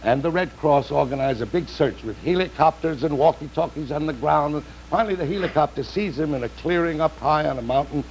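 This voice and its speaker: A man's voice: a little high, fairly quick, few pauses, a little mellow, rough recording. A man telling jokes on a 1960s comedy panel show, doing voices in his stories. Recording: faint background noise, 1960s TV.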